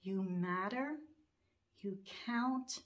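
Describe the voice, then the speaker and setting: On a muffled recording, a middle-aged woman speaks very slowly in a medium pitch. She's a cross-stitch vlogger recounting something personal, rambling with many fillers and false starts, her voice trembling on the edge of crying.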